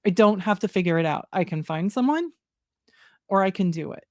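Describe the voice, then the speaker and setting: A woman hosting a podcast interview, asking thoughtful questions in a steady, conversational way. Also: mid-range voice, brisk, dry recording, studio quality. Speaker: podcast host.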